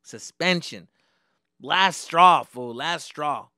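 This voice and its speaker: Young dude podcaster, swearing a lot, bright voice, lively, dry close sound. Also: male voice, on the high side, takes it slowly, no room sound. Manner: animated, profane, slangy. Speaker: podcast host. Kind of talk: casual storytelling.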